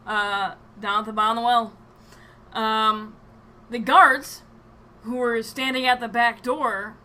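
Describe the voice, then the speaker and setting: A woman runs a tabletop game, narrating slowly and stopping often to restart her sentences. Her voice is bright and a little high. A faint hiss sits under the stream audio. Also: fairly even intonation, low-quality recording. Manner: hesitant, with many ums and restarts. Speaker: game master.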